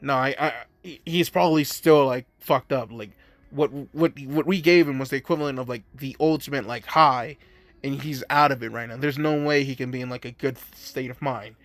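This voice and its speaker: A man's voice: mid-range voice, moderate pace, dry recording, soft background music, natural voice. A man voicing an arrogant adult male villain who talks himself into winning. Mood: smug. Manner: rambling, self-convincing.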